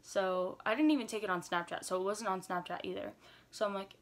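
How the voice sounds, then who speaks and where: A woman's voice: medium pitch, quick pace. A woman vlogger telling a story in a chatty, earnest way, filling her speech with "like". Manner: earnest, retelling a distressing experience. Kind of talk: story-time vlog.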